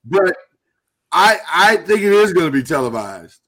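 A man hosting a live talk show, speaking earnestly and haltingly while he holds back emotion. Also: high-pitched, big pitch swings, a bit bright. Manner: earnest, halting, with many restarts. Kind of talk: casual live-stream talk.

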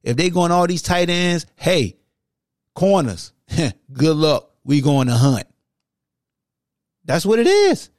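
A man hosting a sports podcast, talking through a football game preview in a casual, animated, slangy way, like a coach firing up his defense. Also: a little high, slow pace, no echo, clean studio sound. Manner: animated, slangy, coaching-style trash talk.

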